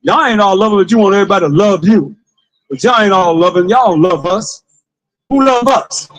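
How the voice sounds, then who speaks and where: Man, high voice, street preacher, forceful, repetitive, shouts at times. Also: lively intonation, fairly quick, rough recording. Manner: forceful call-and-response, commands a reader to read; repeats phrases, rising to shouts.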